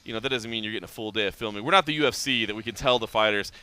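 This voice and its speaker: A man's voice: lowish voice, rapid-fire, clean tone. A man hosting a casual podcast, chatting and telling stories, often acting out quotes in a raised voice. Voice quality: animated storyteller, acts out quotes in raised voice. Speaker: podcast host.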